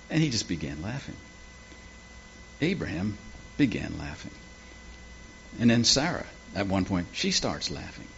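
A man's voice: low-pitched, sing-song, moderate pace, vocal fry, pauses often, a little hiss or hum. A man preaching a sermon with folksy, humorous storytelling. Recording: dull lo-fi with faint ambience.

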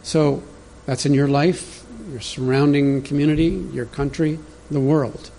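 A man's voice: fairly high pitch, steady tone, unhurried, vocal fry, mellow, a little hiss or hum. A man preaching a sermon as pastor, in a conversational teaching manner that speaks directly to the congregation.

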